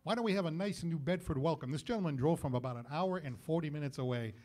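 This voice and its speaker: A man's voice: fairly high pitch, fast. A man hosting a live variety TV show, chatting with a co-host and introducing a comedian. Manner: chatty, introduces guests warmly.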